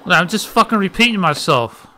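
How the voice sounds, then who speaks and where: Male let's-play host, angry and profane, bright, sharp voice, faint hiss behind. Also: high voice, animated, normal speed. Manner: frustrated, swearing constantly, muttering. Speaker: gaming channel host.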